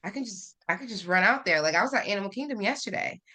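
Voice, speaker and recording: A woman's voice: mid-range voice, lively intonation, fast, bright, forceful tone. A woman guest on a podcast, speaking candidly and telling a personal story in a casual chat, with lots of fillers. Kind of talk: casual conversation.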